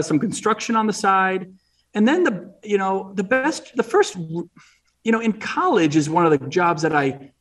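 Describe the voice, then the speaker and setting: A man's voice: a little high, distant mic. A middle-aged man from New England, talking as an interview guest in a rambling way, with many restarts and fillers. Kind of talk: casual interview chat.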